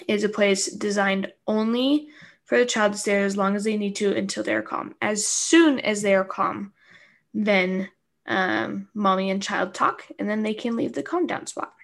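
A woman's voice: medium pitch, fairly even intonation, measured pace, vocal fry, a bit bright. A woman co-hosting a parenting talk, agreeable and explaining things plainly. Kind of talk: casual chat.

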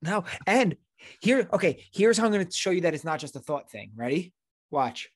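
A man's voice: high-pitched, sing-song, normal speed, dry recording. A man co-hosting a crude podcast, teasing his friend and laughing often. His voice rises and falls freely as he talks. The sound is dry and close to the mic. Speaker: podcast co-host. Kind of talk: casual crude banter.

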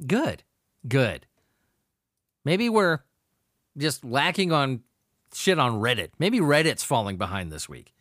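A man's voice: medium pitch, very animated, unhurried, a bit bright, no echo, clean studio sound. A man hosting a podcast, reading crime news aloud and ranting about it in a crude, laughing, profane way. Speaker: podcast host. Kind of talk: profane comedic news commentary.

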